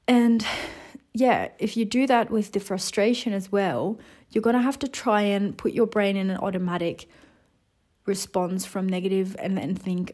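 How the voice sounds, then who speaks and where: A 28-year-old woman from the Netherlands, giving a casual motivational monologue with chatty, animated storytelling. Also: medium pitch, moderate pace. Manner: chatty, animated storytelling with lots of "you know" and "like". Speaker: wellness vlogger.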